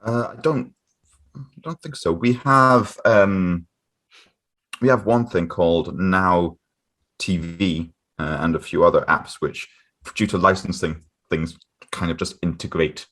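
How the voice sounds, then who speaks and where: Very deep-voiced man, halting casual talk. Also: a bit bright. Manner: halting, lots of "uh" fillers, laughs often. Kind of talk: casual chat.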